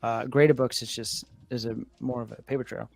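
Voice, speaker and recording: A man's voice: mid-range voice, steady tone, gravelly. A man hosting a casual live stream, talking loosely with many restarts. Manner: loose, halting, lots of filler restarts. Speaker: comic shop host.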